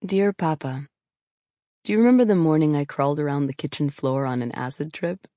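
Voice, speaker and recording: A woman's voice: sits low, a little mellow, no echo. A woman from New York reading her own memoir aloud, candid and frank, in a studio. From New York, USA. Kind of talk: audiobook memoir narration.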